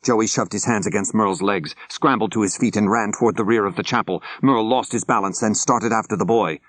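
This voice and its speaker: An older man narrating an audiobook in a measured, clear storytelling manner, close to the microphone. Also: lowish voice, fairly bright tone, no room sound. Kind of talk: scripted narration. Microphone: close studio mic.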